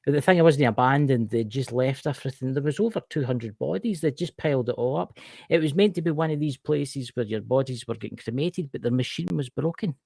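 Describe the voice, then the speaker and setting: A man's voice: medium pitch, brisk, vocal fry, hardly any pauses, a little mellow, breathy edge, no echo, studio quality. A man, co-hosting a casual online chat and telling stories in a blunt, emphatic way over a video call. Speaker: co-host. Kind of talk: casual chat on a live stream.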